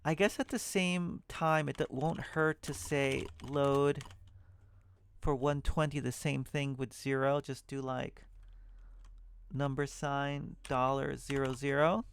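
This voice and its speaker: A man's voice: mid-range voice, little pitch movement, takes it slowly, vocal fry, slight background noise. A man teaching assembly programming in a screen-recorded walkthrough, thinking aloud and correcting himself as he goes. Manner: thinking aloud, self-correcting, muttering asides. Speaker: programming tutor.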